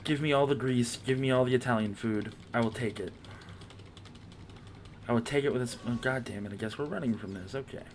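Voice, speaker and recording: A man's voice: mid-range voice, a little fast, a little hiss or hum. A man streaming a video game, chatting casually in a rambling, profane, self-mocking way. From Irish heritage.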